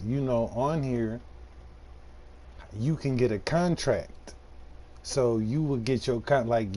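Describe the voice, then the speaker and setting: A man's voice: medium pitch, warm tone. A man from Detroit, casually chatting with viewers while playing a farming game on a live stream, slangy and laid-back. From Detroit, USA.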